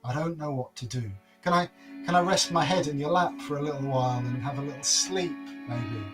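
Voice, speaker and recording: A man's voice: fairly high pitch, a little fast, over music, close to an everyday voice. A man voicing an anxious young prince in a told folk tale, fretful and pleading.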